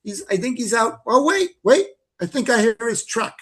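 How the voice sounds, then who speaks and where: A friendly New England housewife picking up the phone, as a man puts her on. Her voice is chirpy and pushed very high, quick and bright. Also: very animated, slightly rough, full character voice. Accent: New England, put on. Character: friendly middle-aged wife answering the phone.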